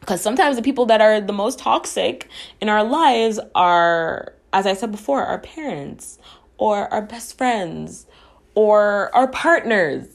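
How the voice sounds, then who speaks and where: A woman's voice: mid-range voice, animated, measured pace, vocal fry. A woman hosting a podcast, giving an earnest, encouraging monologue with candid talk and frequent swearing. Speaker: podcast host. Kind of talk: casual reflective monologue.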